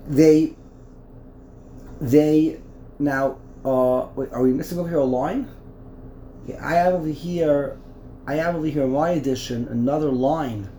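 A man's voice: fairly high pitch, measured pace, pauses often, warm tone, echoey room, a little hiss or hum. A man teaching a Torah class, explaining a text line by line, often repeating and restarting words.

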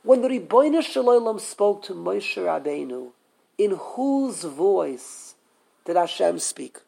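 High, gravelly-voiced man teaching a Torah class. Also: takes it slowly. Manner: animated, quizzes the class, frequent restarts. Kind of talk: live Torah class lecture.

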